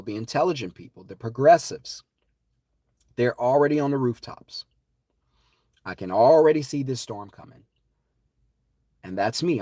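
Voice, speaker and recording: A man's voice: medium pitch, no room sound, clean studio sound. Fervent, preachy man on a live stream. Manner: preachy and dramatic, swinging from loud to hushed. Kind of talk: impassioned live-stream talk.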